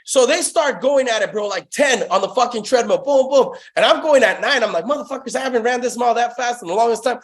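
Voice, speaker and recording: A man's voice: very high voice, fast talker, few pauses. A young man telling sales stories in a casual interview, profane and hyped, saying "bro" constantly. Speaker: guest, sales company founder.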